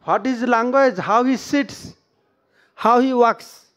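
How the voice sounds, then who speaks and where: A man's voice: extremely high pitch, takes it slowly, a bit bright. A man with an Indian English accent giving a devotional scripture lecture as a swami, often asking the audience questions and acting out quoted speech. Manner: questioning, acts out quoted speech, frequent "huh?" and "no?" tags. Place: temple lecture hall.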